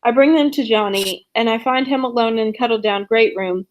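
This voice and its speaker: A woman's voice: on the high side, normal speed, highs cut off. Woman reading a novel aloud. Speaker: reader of a novel.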